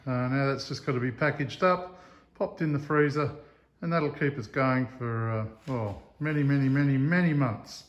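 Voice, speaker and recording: A man's voice: mid-range voice, normal speed, lo-fi sound. A man, a farmer and host, chatting casually through a how-to demonstration. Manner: relaxed, chatty, with fillers.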